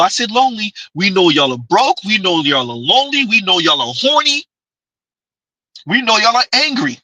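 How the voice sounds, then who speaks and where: A man's voice: fairly high pitch, pushed and bright, breathy edge, no echo, rough recording. A man hosting a livestream with reaction commentary, talking in a mocking, sarcastic way. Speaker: streamer.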